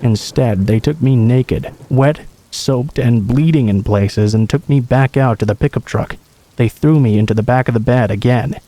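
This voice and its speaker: A man narrating a true horror story in the first person, in a measured, somber way. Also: mid-range voice, dark tone, rough recording.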